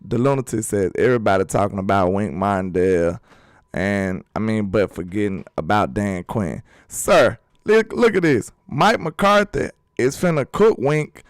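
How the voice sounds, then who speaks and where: A man's voice: lowish voice, normal speed, no room sound, studio quality. A man hosting a sports channel in a casual live-stream chat, talking loosely and reading viewers' comments aloud.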